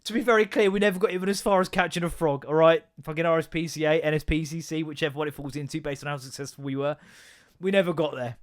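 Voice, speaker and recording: Guy in his 20s ranting on his own podcast, kinda high voice, swears loads, laughs a lot. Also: steady tone, fast talker. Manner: sweary, chatty, laughs often, jumps between rants. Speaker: podcast host. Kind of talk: solo casual podcast rant.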